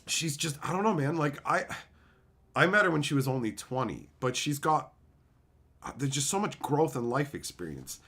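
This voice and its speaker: Animated, foul-mouthed male streamer. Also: fairly high pitch, normal speed, slightly rough. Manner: profane, animated and openly emotional. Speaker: live streamer. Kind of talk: casual live-stream chat with viewers.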